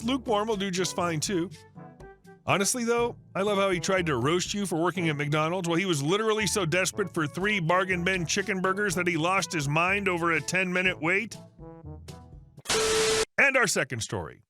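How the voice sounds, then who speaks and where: A man reading online stories aloud as a channel's narrator, in a steady scripted storytelling manner. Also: sits high.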